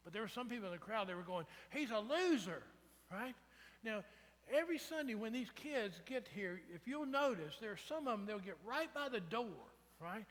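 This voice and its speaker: A man's voice: sits high, lively intonation, brisk, hardly any pauses, a bit bright. A man preaching a sermon in a conversational way, often asking the congregation "right?". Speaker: pastor. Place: church sanctuary. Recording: reverberant church sanctuary.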